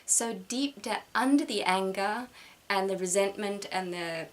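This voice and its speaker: A middle-aged woman talks through a personal reflection to the camera, stumbling over words and starting her sentences again. She sounds close to tears, and her voice sits in an ordinary middle pitch. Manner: halting, repeats words, emotional. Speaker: vlogger.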